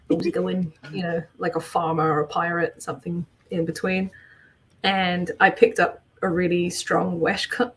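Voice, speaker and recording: This artist co-host speaks in a lowish, slightly rough voice with a bit of brightness. She's from southeast England, has a Kentish accent, and keeps things casual, frequently ending sentences on a rising note.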